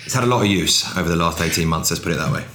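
A man's voice: low-pitched, rapid-fire, background noise. A middle-aged English actor, chatting wryly in an interview, often restarting his sentences. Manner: wry, self-deprecating, frequent restarts. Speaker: actor guest. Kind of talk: casual interview chat. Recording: echoey room.

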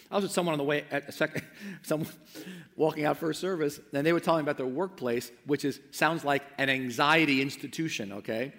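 A man preaching a sermon, impassioned and then hushed and intimate, with frequent restarts. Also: fairly high pitch, fast. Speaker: pastor. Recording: long hall reverb.

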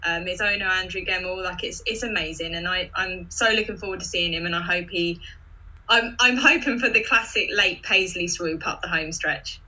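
A woman's voice: on the low side, normal speed, sharp tone, poor audio. A woman on a racing podcast panel, talking fondly and emotionally about her favourite horse. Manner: gushing, emotional. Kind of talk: casual chat.

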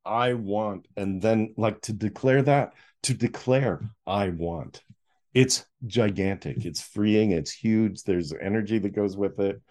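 A man's voice: fairly low pitch, measured pace, few pauses. A middle-aged man telling a personal story as a podcast guest, acting out the voices. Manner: animated storyteller who acts out voices. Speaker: guest, author.

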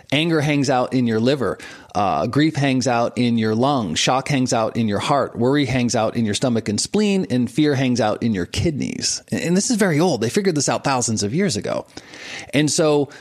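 A man coaching entrepreneurs, explaining breath and intention in a relaxed conversational way, with frequent chuckles and repeated words as he thinks. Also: a little high.

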